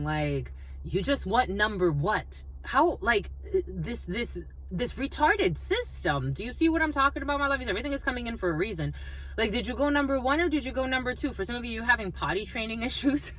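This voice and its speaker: A woman's voice: moderate pace, rough recording. A woman giving a casual spiritual tarot reading to her viewers, talking freely, repeating phrases and calling them "my lovies". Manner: animated, swoops high and drops low, repeats phrases, calls listeners "my lovies". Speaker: tarot reader.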